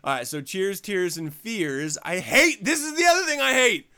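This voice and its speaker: A man's voice: very high-pitched, wildly swooping pitch, fairly quick, pushed and bright, clear, resonant tone. A man hosting a podcast in casual chat, ranting profanely and laughing often. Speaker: podcast host.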